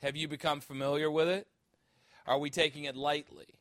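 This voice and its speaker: Emphatic Chicago-born pastor preaching. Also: male voice, fairly high pitch, flat delivery, normal speed, fairly bright tone, no room sound, studio quality. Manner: emphatic, rhetorical questioning. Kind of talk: sermon. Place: church. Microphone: handheld microphone.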